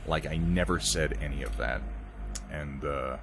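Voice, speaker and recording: A man's voice: a little slow, music in the background. An American man chatting casually with stream viewers while he paints, rambling and mocking himself. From United States. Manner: rambling, self-mocking banter with sudden jumps in pitch.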